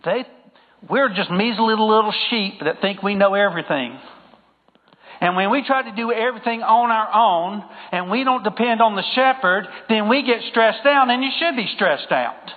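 A man's voice: high-pitched, moderate pace. A man preaching a sermon in an emphatic style, repeating phrases and putting questions to the congregation. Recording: phone-like sound with long hall reverb.

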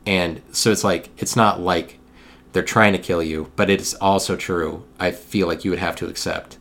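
A young man hosting a solo podcast, talking in a meandering monologue with frequent restarts, sometimes getting loud when riled. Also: deep voice, steady tone, normal speed, vocal fry. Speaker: podcast host.

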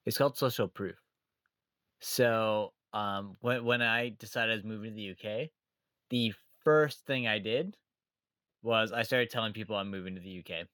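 A man's voice: fairly low pitch, normal speed, fairly bright tone, no echo. A man hosting a podcast, asking questions in a teasing way and often repeating his starts. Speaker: podcast host. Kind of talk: casual interview chat.

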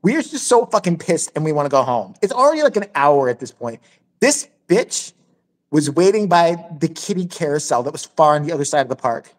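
A woman's voice: deep voice, sing-song, brisk. A woman hosting a podcast, telling a crude, blunt story in casual chat and swearing freely. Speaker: podcast host.

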